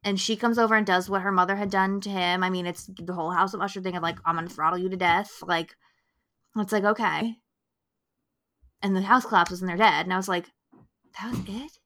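Female podcast co-host, bright tone, animated casual chat, salty language. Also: mid-range voice, brisk. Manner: animated, swears freely, acts out quotes.

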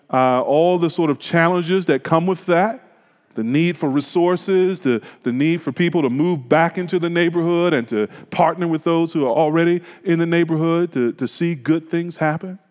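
A man with a slightly high voice preaches a sermon in a large hall with a long reverb tail. He tells a personal story in a relaxed, conversational way and turns reflective at points. The delivery stays plain and unscripted. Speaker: pastor.

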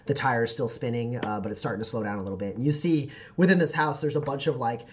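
A man at a middling pitch runs a tabletop game as game master. He describes scenes in a loose, halting ramble and leans constantly on fillers. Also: slight background noise.

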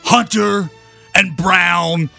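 A man in a radio studio putting on a boastful giant wrestler's promo, shouting a drawn-out match hype. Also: high-pitched, fairly even intonation, vocal fry, soft background music, full character voice. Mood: booming hype.

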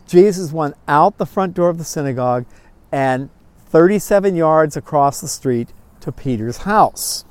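A man teaching a Bible class, telling stories in a folksy, animated way with frequent chuckles. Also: fairly high pitch, no room sound. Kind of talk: storytelling Bible lesson.

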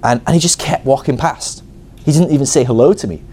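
A man's voice: mid-range voice, fairly quick, mellow. A man teaching at a ministry school, telling a story from his own life in a sermon. His talk is full of "like" and "right?", and he acts out his own angry thoughts with self-mocking humor. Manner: many fillers like "like" and "right?".

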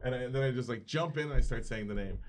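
A man chatting as a podcast guest, telling rambling anecdotes in an animated way. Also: mid-range voice, racing. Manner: animated anecdotes, acts out quotes; loose, rambling with fillers. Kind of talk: casual storytelling chat.

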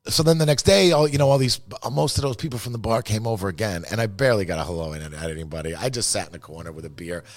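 A man's voice: lowish voice, racing, few pauses, dry recording. A man telling a rambling, profane, self-deprecating story in casual podcast talk.

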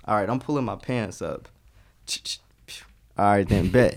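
A man's voice: medium pitch, very animated, normal speed, a bit bright. A young man, a guest telling rambling, profane stories and acting out the dialogue. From Detroit, US. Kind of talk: casual chat.

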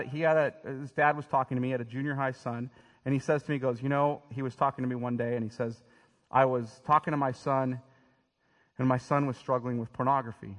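A male pastor delivers a sermon in an emphatic, direct manner, doubling back on his words as he pushes each point home. His voice sits at an ordinary middle pitch. It rings out with a long reverb through a large church space. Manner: emphatic, direct preaching with quick repeated restarts. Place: church sanctuary.

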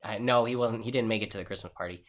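A young man co-hosting a casual podcast, rambling and joking and often laughing. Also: fairly low pitch. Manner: rambling, jokey, quick to laugh. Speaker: podcast co-host. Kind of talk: casual chat.

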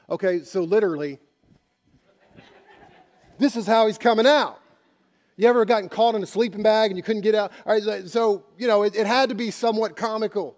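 Male pastor, high voice, dramatic storytelling, hushed then loud, sermon. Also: normal speed, long pauses. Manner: animated, dramatic retelling with shifts between hushed and loud.

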